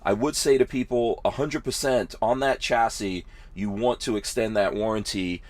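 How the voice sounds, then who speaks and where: Low-voiced man hosting a van podcast. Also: normal speed, darkish tone. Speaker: podcast host. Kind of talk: casual podcast interview.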